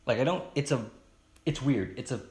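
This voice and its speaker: A young man hosting a solo podcast, rambling and hesitant with many fillers and restarts, in a fairly monotone baritone. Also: normal speed, echoey room. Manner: self-conscious, chatty. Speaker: podcast host. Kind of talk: solo casual podcast monologue.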